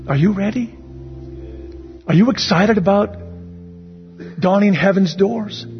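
Man, pastor, sermon, earnest repeated questions, high voice, faint music behind. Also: lo-fi sound.

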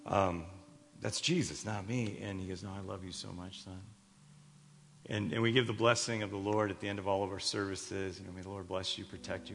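पचास की उम्र का एक आदमी, शिकागो का पादरी, भारी खरखराती आवाज़ में रुक-रुककर किस्से सुनाता उपदेश, चर्च हॉल की गूँज के साथ।. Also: male voice, sits low, vocal fry, a bit bright. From Chicago, USA. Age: 50s. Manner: rambling, restarts often, jokes with the crowd. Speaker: pastor. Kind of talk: sermon storytelling. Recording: echoey hall reverb.

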